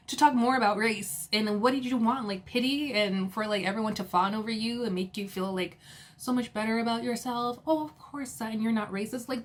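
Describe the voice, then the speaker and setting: A young woman recapping a reality show episode in a chatty, casual way, full of fillers and quick laughs. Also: medium pitch.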